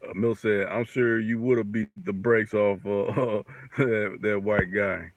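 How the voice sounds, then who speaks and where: A man's voice: lowish voice, fairly even intonation, unhurried, no room sound, rough recording. A man co-hosting a livestream, chatting casually and reading viewer comments aloud. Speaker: livestream co-host, reads chat.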